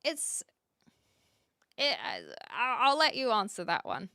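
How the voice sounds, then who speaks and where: A woman's voice: on the high side, huge pitch swings, takes it slowly, bright, forceful tone, no echo, studio quality. A woman streamer in casual chat with viewers, speaking earnestly with frequent fillers and restarts.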